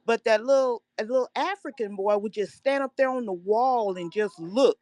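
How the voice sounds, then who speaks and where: A woman's voice: fairly high pitch, normal speed, darkish tone, dry recording. A woman calling in to a talk show, reminiscing in a rambling way with many fillers. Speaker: caller. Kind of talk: casual call-in conversation.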